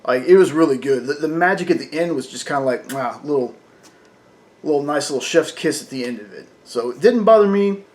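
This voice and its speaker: A man's voice: a little high, lively intonation, brisk, a little mellow. Chatty man with lots of fillers. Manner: chatty, full of fillers, laughs often. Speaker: comic book reviewer. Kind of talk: casual review talk.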